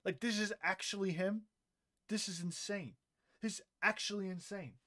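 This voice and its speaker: Reacting to clips as a commentary streamer, a young man rants in a high, sharp voice with a steady tone and moderate pace. He swears, sounds incredulous, and keeps laughing in disbelief.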